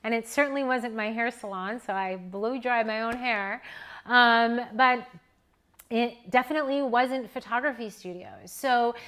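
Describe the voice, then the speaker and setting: Casting: middle-aged woman, slightly high voice, earnest heartfelt home monologue, halting restarts. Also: fairly bright tone. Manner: earnest, with restarts and rising emotion. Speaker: newborn photographer and educator.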